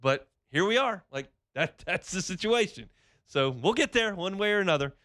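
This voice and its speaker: A man's voice: high-pitched, lively intonation, moderate pace, fairly bright tone, no echo, clean studio sound. A man hosting a sports radio show, talking casually with wry, self-mocking asides.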